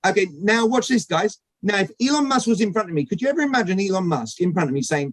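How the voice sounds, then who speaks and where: Man, high voice, dry close sound, energetic sales talk to a live group. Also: fast, few pauses, no echo, poor audio. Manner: energetic, addresses audience directly, asks questions. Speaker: speaker at a networking event. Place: event room with audience.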